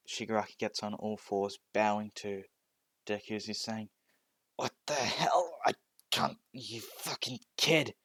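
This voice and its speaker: A young man tells a made-up story slowly, stumbling over restarts and fillers. His low voice sounds smooth and clear. The room is dry, with no echo. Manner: hesitant, many restarts and fillers. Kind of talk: improvised fan-fiction narration.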